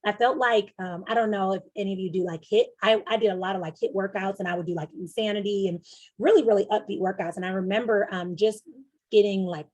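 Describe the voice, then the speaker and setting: A young adult woman coach walks her listeners through ideas in a loose, conversational way, full of fillers and quick acted-out inner voices. Her voice sits at a middle pitch with a husky edge. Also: steady tone, darkish tone. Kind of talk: teaching presentation.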